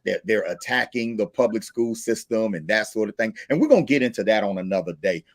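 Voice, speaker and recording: A man hosting a podcast in casual, animated talk, often asking "right?". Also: lowish voice, dry recording, studio quality. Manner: animated, seeks agreement with "right?". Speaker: podcast host.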